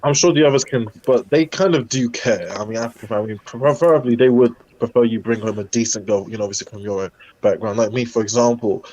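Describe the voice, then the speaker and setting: A man's voice: medium pitch, fast talker, muffled recording. Young guy on a podcast panel, mid voice, rambling storyteller. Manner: storytelling, animated, many fillers. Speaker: podcast co-host. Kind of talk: casual panel chat.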